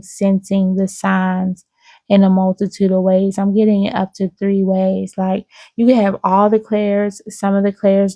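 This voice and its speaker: Slow, soft-toned woman giving a psychic reading. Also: medium pitch, no echo. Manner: slow, drawn-out, soothing, with many "okay?" asides. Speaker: psychic reader. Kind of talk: intuitive reading to viewers.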